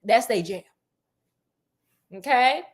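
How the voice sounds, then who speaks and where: Woman plays Sticks: teen boy, sassy and dismissive, higher voice, storytime read. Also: lively intonation, takes it slowly. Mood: warning.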